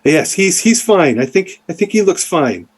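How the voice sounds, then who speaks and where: A man's voice: sits high, big pitch swings, moderate pace, breathy edge, pitched above the performer's own voice, full character voice. A man voicing a stern, worried mother who scolds and intimidates her children. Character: stern worried mother, middle-aged woman.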